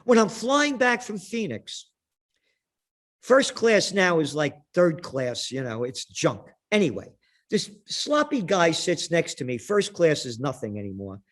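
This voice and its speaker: A man's voice: on the high side, sing-song, a little slow, a bit bright. A man telling heated, combative stories in a ranting monologue.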